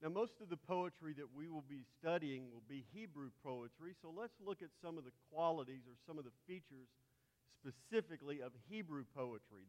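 A man with a Texas accent teaching a Bible class, spelling out terms letter by letter as he lectures. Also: on the high side. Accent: Texan. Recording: long hall reverb.

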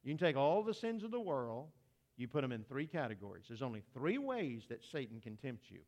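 A man's voice: medium pitch, very animated, brisk, a little mellow, dull audio. A man preaching a sermon in a folksy, conversational way, talking straight to his congregation with homespun asides.

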